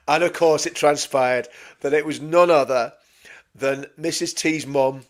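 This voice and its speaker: A man co-hosting a casual livestream chat, telling a story and acting out other people's voices as he goes. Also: normal speed. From England. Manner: animated anecdote-telling, mimics voices with big pitch jumps. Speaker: co-host of a political livestream.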